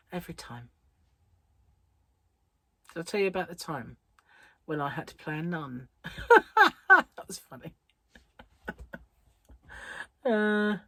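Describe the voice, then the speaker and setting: Her fairly low voice comes through a dry recording as she chats about crochet in a rambling, casual way, often laughing. She's a middle-aged woman vlogging from her home on an English island.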